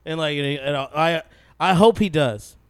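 A man's voice: on the high side, unhurried, smooth, no echo. A man co-hosting a podcast in playful, casual chat who laughs often. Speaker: podcast co-host.

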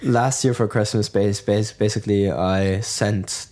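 A man's voice: on the low side, fairly even intonation, unhurried, darkish tone. A young man from Germany co-hosting a podcast, chatting casually and rambling with lots of restarts. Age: young adult. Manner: rambling, many restarts and fillers. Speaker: podcast co-host. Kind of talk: casual chat.

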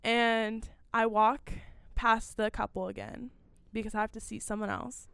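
A teenage girl and podcast guest, telling a work story in a casual, animated way, full of "like" and acted-out dialogue. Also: on the high side, measured pace, creaky, clear, resonant tone, no echo. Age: teens. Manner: animated, filler-heavy retelling with quoted dialogue.

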